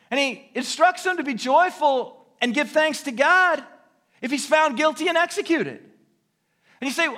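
A man's voice: very high-pitched, sharp tone. A man preaching a sermon, earnest and repeating his key phrases for emphasis. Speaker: pastor. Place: church sanctuary.

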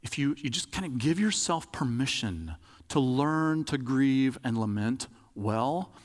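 A man's voice: medium pitch, very animated, a little slow, big-room sound. A man preaching a sermon in a conversational, demonstrative way, acting out examples as he talks.

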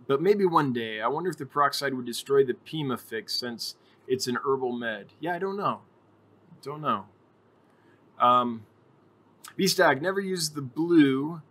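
A man's voice: mid-range voice, sharp tone. A man hosting a casual livestream, answering viewer questions in a chatty, rambling way with lots of ums and self-corrections. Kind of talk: casual live chat.

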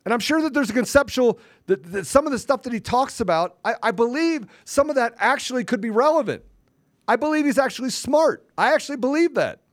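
A man's voice: very high voice, lively intonation, brisk, no room sound, clean studio sound. A man hosting a podcast, delivering a heated, confrontational rant with mild cursing and repeated phrases for emphasis. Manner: combative, confrontational, taunting. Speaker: podcast host.

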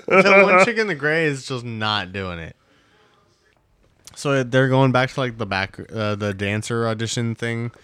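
Young guy podcast cohost, super animated pitch, laughing and cussing while he narrates clips. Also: a little slow, clean tone, no room sound. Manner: laughing, swearing, retelling scenes in put-on voices. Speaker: podcast co-host. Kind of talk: casual chat reacting to a show.

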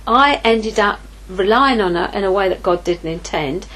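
Her mid-range voice sounds pushed and bright, with lively intonation at a moderate pace. A middle-aged woman in ministry, she preaches an informal sermon, candidly recounting a personal story and acting out what she told herself, on a low-quality recording.

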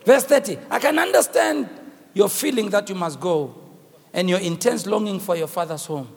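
A man with a South African accent preaching a sermon and telling the story dramatically, swinging from shouts to hushed tones. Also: high voice, animated, normal speed, vocal fry. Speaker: bishop preaching. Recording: long reverb of a church hall.

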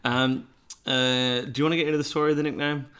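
A man's voice: mid-range voice, little pitch movement, a bit bright, smooth. A man co-hosting a casual podcast, joking and bantering with his friend. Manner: jokey, quick banter with laughs. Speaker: podcast co-host. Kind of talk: casual chat.

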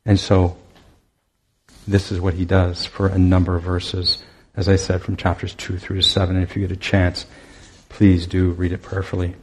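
Husky low-voiced man preaching. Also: completely flat delivery. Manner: earnest, exhorting, with many pauses. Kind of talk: sermon.

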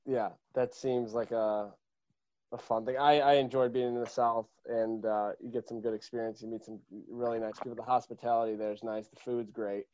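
A man hosting a casual school interview as athletic director, asking questions in a relaxed, informal way. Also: mid-range voice, normal speed, muffled recording. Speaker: athletic director, show host.

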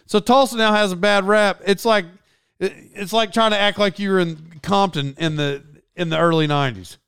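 A man's voice: high-pitched, steady tone, normal speed, creaky, fairly bright tone, smooth, no echo, clean studio sound. A man from Oklahoma with a slight twang, telling casual stories in a rambling, self-correcting way and laughing often. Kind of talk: casual storytelling chat.

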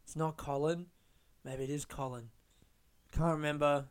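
A man talks alone on his podcast in a loose, rambling way, swearing freely and poking fun at himself. His voice sits a little high for a man and comes across smooth and clear. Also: steady tone, moderate pace. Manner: rambling, profane, self-mocking. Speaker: podcast host. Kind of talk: casual solo podcast monologue. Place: London, UK.

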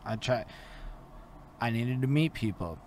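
A man hosting a casual interview, talking loosely with lots of swearing and rising excitedly at times. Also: medium pitch, unhurried, a little hiss or hum. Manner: loose and profane, voice rises when animated. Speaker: host and interviewer. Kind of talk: casual podcast chat.

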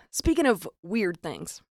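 Young Southern woman, comedic podcast host, gravelly fry, dry close mic. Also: fairly low pitch, sing-song, takes it slowly, dry recording. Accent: Southern American. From American South. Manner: chatty, self-deprecating, lots of "like". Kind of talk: comedic storytelling monologue.

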